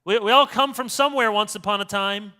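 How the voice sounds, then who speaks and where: A male pastor preaching a sermon in a church, moving from hushed rhetorical asides to loud emphatic peaks. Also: high voice, brisk.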